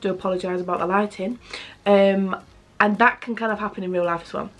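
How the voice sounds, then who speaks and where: A woman's voice: mid-range voice, steady tone, fairly quick. A young woman reviewing a book to camera at home, in a blunt, chatty way with constant swearing. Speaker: book vlogger. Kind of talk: casual book review chat.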